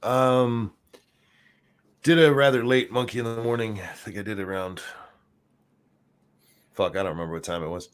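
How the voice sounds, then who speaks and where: A man's voice: lowish voice, fairly even intonation, normal speed, pauses often, smooth. A tired older man and grandfather, co-hosting a casual podcast, rambling and swearing casually about his day. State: worn out, weak. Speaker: podcast co-host. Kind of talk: casual chat.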